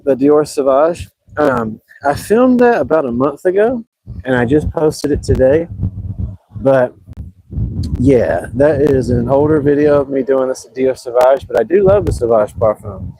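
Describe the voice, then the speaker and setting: A man's voice: mid-range voice, mellow, low-quality recording. A man chatting casually and rambling on a livestream from a beach, poking fun at himself. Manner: chatty, rambling and self-deprecating. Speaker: livestream host. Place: outdoors at an ocean beach.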